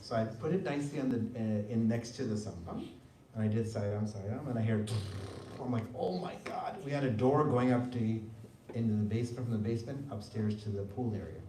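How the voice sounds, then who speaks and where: A middle-aged man tells a personal story to a gathering, bringing it to life with playful voices for the people he quotes. His tone is mellow and soft-edged. He sounds set back from the mic in a roomy hall, with a faint hum of room noise behind him. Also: on the low side, brisk, distant mic. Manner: animated storyteller, mimics voices when quoting. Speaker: devotional speaker. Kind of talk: personal testimony talk. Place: hall at a spiritual center.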